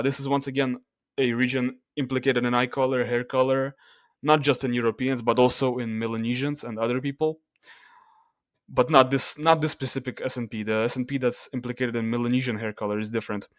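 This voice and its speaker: A man talking through charts in a casual screen-share video, loose and halting, with restarts and fillers as he reads the numbers. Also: medium pitch, fairly bright tone, no room sound, clean studio sound. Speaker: video creator.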